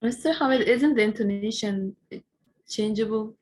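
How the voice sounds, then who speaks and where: A woman's voice: fairly high pitch, moderate pace, a little mellow. A woman student in a grammar class, asking questions with hesitant restarts.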